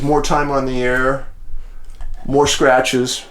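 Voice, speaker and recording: A man's voice: mid-range voice, unhurried. A man hosting his show, talking in a folksy, chatty way straight to his viewers. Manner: folksy, chatty, addresses listeners as friends. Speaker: show host. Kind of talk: casual monologue.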